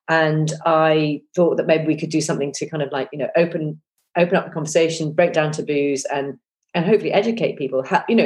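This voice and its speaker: A woman in her fifties talks as a guest in a relaxed interview, her voice sitting a little low. She rambles warmly through fillers and restarts and laughs at herself. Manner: chatty, self-deprecating, many fillers and restarts. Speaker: podcast guest, former breakfast TV presenter. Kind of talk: casual interview chat.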